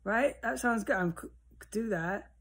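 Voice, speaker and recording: A woman rambling alone at home in a solo monologue, swearing often and drifting between low mutters and heated outbursts. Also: expressive, measured pace, fairly bright tone, breathy edge. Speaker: vlogger. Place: at home, indoors with a window open.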